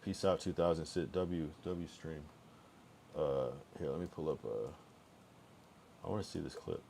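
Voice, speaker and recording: A man's voice: rumbling low, unhurried, vocal fry, mellow, slight background noise. A man streaming live, chatting casually and rambling through his thoughts with many restarts.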